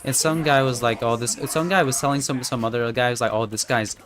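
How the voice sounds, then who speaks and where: A man's voice: medium pitch, quick pace, crowd noise. A young man chatting casually while streaming a game at home, rambling and swearing, with many tag questions. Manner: rambling, profane, full of "right?" and "you know".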